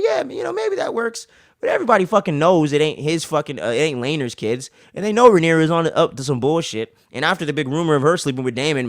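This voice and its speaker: A man's voice: on the high side, no room sound, clean studio sound. A young man hosting a casual TV recap, talking in loose, profane slang. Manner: slangy and profane, animated retelling. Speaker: recap show host.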